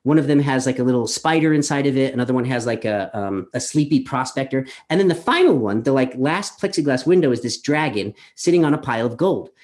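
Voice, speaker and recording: A man's voice: mid-range voice, lively intonation, quick pace, hardly any pauses, darkish tone. A man in his thirties, originally from Colorado, tells a true story to a live audience over a video call. He talks casually and pokes fun at himself, with frequent ums and uhs. He is speaking into a webcam from home. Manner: chatty, self-deprecating, many fillers. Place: his apartment.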